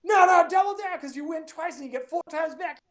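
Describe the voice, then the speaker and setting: A man voicing a jeering male gambler with a lazy eye, shouting mockery in a high strained voice. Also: brisk, roomy sound. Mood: mocking.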